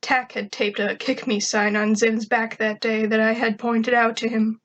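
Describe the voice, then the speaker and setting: A woman's voice: fairly high pitch, level tone, moderate pace, fairly bright tone, dull audio. Wry woman narrating fan fiction. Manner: wry, conversational storytelling. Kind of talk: first-person fan fiction reading.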